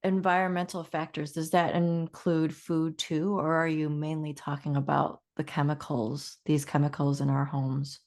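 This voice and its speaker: A woman's voice: deep voice, flat delivery, normal speed, few pauses, a little mellow. A woman podcast host asking her guest curious, open questions. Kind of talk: interview questions.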